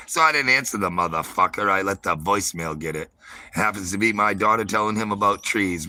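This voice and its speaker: A man's voice: fairly low pitch, sharp tone, no room sound, rough recording. A middle-aged man with a Southern US accent, hosting a livestream in a rambling, profane way and always asking "you heard?". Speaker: livestream host. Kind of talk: rambling live-stream monologue and phone chat.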